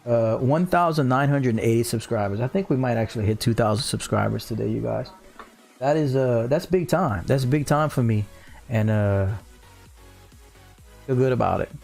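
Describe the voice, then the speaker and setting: A man's voice: mid-range voice, moderate pace, vocal fry, darkish tone, faint music behind. A man in his thirties with a Cajun Louisiana accent, hosting a casual livestream from home, chatting easily and reading viewer comments aloud. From South Louisiana. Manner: laid-back, reads chat aloud, drawls "y'all". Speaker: livestream host. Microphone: studio mic on a boom.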